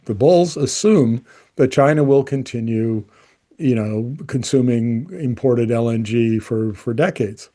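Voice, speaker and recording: A man's voice: medium pitch, measured pace, warm tone. A man giving conversational, emphatic energy commentary, often restarting his sentences. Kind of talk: opinion commentary to camera.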